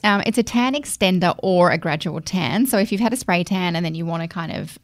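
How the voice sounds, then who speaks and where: A woman's voice: on the low side, a little fast, no echo. A woman co-hosting a podcast in casual chat, explaining beauty products in a matter-of-fact way. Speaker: podcast co-host.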